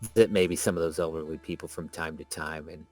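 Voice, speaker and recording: A man's voice: extremely low pitch, steady tone, a little fast, dry recording, faint music behind. A man playing in a tabletop game, easygoing as he narrates his character. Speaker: player. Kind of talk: tabletop role-play.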